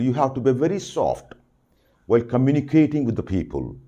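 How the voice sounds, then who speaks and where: A man giving a soft skills lesson, deliberate and repeating phrases for emphasis. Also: mid-range voice. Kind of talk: spoken lesson to camera.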